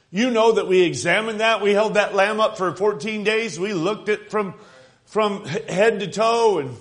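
Man doing calm reassuring dad, high voice, slow delivery. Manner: soothing, patient, unhurried. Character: calm steady father reassuring his son.

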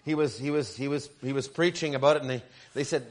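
A male pastor preaching a sermon, stammering through restarts and building to shouted emphasis. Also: medium pitch, fast talker.

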